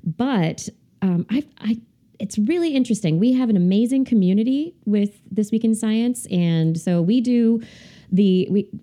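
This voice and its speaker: Mellow-voiced woman in relaxed chat. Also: medium pitch, normal speed. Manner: relaxed, thoughtful, some hesitations. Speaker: science podcast guest. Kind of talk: casual chat.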